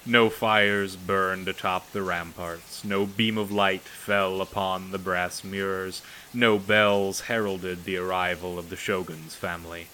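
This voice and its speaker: A man narrating a novel aloud in a measured, solemn storytelling manner. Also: low-pitched, flat delivery, pushed and bright, a little hiss or hum, rough recording. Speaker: audiobook narrator. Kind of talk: scripted narration.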